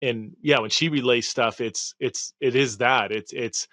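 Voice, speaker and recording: A man's voice: mid-range voice, steady tone, unhurried, a bit bright, no echo, studio quality. A man hosting a podcast interview, thoughtful and a little hesitant as he asks questions. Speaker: podcast host.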